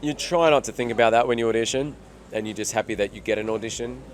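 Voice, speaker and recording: A man's voice: mid-range voice, quick pace, a little hiss or hum. A man with an Australian accent, an actor answering interview questions in a reflective way, thinking aloud with fillers.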